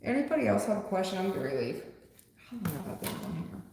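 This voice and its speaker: Gravelly-voiced woman tarot reader, echoey. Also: mid-range voice, very animated, fast, a little mellow, slight background noise. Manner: blunt, chatty, talks straight to the chat. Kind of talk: live-stream chat with viewers. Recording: echoey room with long reverb.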